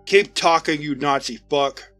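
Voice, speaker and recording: A man's voice: a little high, measured pace, fairly bright tone, soft background music. A man voicing a squad leader who barks terse, profane orders. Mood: commanding. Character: gruff squad leader barking orders, male.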